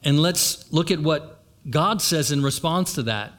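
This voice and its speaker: A man's voice: on the high side, lively intonation, unhurried, a bit bright. A man preaching a sermon, retelling a story and turning to the congregation with asides. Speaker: pastor.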